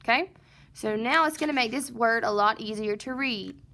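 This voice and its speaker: Bright, gravelly-voiced woman teaching phonics. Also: fairly high pitch. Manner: slow, patient, sounding out word parts; asks and answers her own questions. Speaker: first grade teacher. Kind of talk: recorded phonics lesson.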